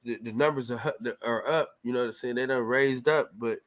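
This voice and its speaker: A man co-hosting a boxing talk show, chatting in an animated, profane, slangy way. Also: medium pitch, fairly quick. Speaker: boxing podcast co-host. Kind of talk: casual chat.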